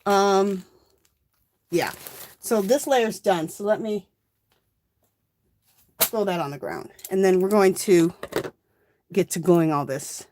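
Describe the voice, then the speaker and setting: A woman with a mid-range voice talks slowly and pauses often, her tone a little mellow, with slight background noise behind her. She's hosting a casual crafting livestream from her craft table, recorded on a phone. Chatty and rambling, she thinks aloud as she works.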